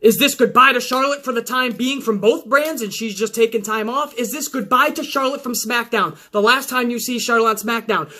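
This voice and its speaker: A man hosting a show, recapping wrestling in an excitable, heavily profane casual way. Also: very high voice.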